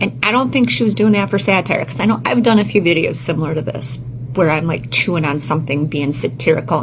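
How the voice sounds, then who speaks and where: A woman commentator talking slowly and softly, half whispering some words in disgust. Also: low voice. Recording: noisy with hum.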